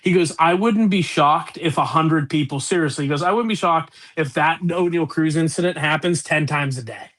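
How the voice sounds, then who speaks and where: A man with a Pittsburgh accent co-hosts a sports podcast in a casual, rambling way, laughing often and swearing freely. His voice sits a little higher than most men's. He tells stories in long, loose runs. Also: normal speed, few pauses, a bit bright. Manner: rambling, laughing, profane banter. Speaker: podcast co-host.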